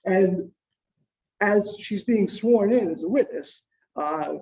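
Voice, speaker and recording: Older male lecturer, mellow tone, talking off the cuff with lots of "uh"s, a little far from the mic. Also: high-pitched, slow, slight background noise. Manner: lively storyteller, many fillers and restarts. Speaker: guest lecturer, historian and journalist. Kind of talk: informal history lecture. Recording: distant, muffled lo-fi sound.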